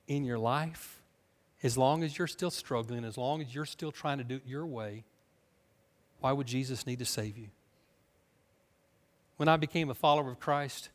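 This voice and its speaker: An American man preaching a sermon in an animated, conversational way, full of rhetorical questions. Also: on the high side. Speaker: pastor.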